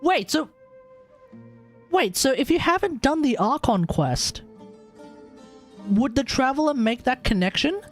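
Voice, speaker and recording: A man's voice: very high-pitched, sing-song, measured pace, long pauses, faint music behind. An Australian man streaming a game, chatting and joking in a casual, rambling way. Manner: chatty, joking, restarts often. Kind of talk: casual gameplay commentary.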